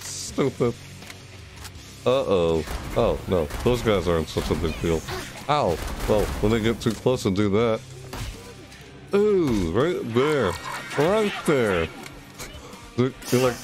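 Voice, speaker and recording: Deep-voiced man yelping through gameplay. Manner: excitable, yelps and self-talk. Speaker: game streamer. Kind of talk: casual gameplay commentary.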